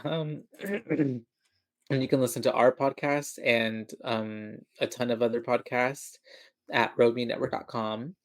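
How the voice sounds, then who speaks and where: A podcast co-host in easygoing outro banter, full of teasing asides and playful riffs. The voice sits in a plain middle pitch. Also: steady tone, measured pace. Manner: jokey, teasing. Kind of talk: casual podcast outro chat.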